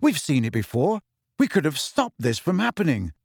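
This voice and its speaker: A man reading aloud, voicing a jumpy, tense teenage boy wizard in a quiet, near-natural voice. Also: fairly high pitch, huge pitch swings, normal speed, creaky, breathy edge, no echo, clean studio sound, heavily acted. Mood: guilty.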